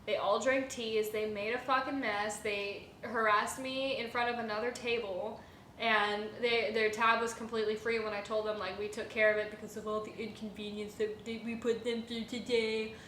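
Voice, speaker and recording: A young woman and restaurant server telling a rambling, animated story in a casual vlog, swearing freely and using many fillers. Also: on the high side, moderate pace. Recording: echoey room with faint hiss.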